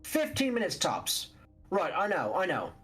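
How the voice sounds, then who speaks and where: A man's voice: high-pitched, wildly swooping pitch, unhurried, fairly bright tone, soft background music, voice pushed up, heavily acted. A man voicing a brusque, streetwise male vampire driver who barks curt orders. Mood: impatient. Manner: curt orders, rough slang.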